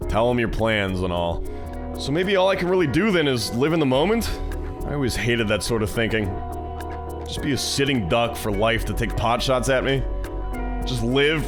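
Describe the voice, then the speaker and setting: A man streaming, reading a visual novel aloud and tossing off profane, joking asides to his viewers. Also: mid-range voice. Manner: profane, jokey asides to chat. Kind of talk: reading aloud with casual reactions.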